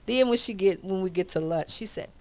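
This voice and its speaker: A woman's voice: mid-range voice, a little fast. A woman, hosting a radio talk show, tells a story in casual chat and acts out the voices in it. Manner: animated, laughing, acts out quoted voices.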